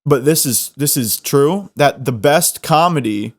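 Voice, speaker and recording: A man's voice: a little high, animated, unhurried. Rambling young Midwestern man, faint twang. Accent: faint Southern twang. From American Midwest. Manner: rambling and joking, with frequent restarts. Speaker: podcast host. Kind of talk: casual solo podcast chat.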